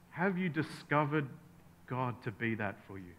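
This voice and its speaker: A man preaching a sermon, earnest, building to emphatic peaks and then dropping soft. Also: medium pitch, big pitch swings, unhurried, highs cut off. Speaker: pastor.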